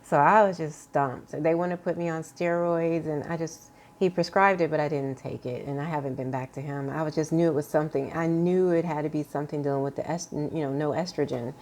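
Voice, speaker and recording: A woman with a low-pitched voice speaks in an unscripted personal vlog. She talks in a halting way, with frequent fillers and restarts. Her tone is earnest and confiding as she addresses her viewers. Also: steady tone, darkish tone. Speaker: vlogger sharing a health update.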